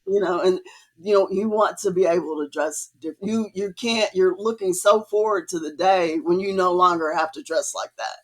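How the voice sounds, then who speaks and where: A woman's voice: lowish voice, moderate pace. A woman artist, a podcast guest, telling her story in a casual, chatty way with many fillers. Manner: chatty, many fillers, acts out quoted dialogue.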